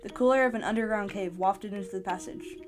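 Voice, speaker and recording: A podcast host reading a short adventure story aloud in an eager storytelling manner. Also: female voice, medium pitch, fast talker, over music. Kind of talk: storybook narration.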